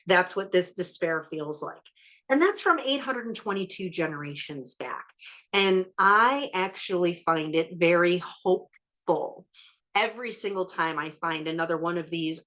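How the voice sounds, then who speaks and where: A woman with a fairly low voice leads a healing session in a calm, matter-of-fact way. She counts methodically through long lists of numbers. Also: unhurried. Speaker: ancestral healing facilitator.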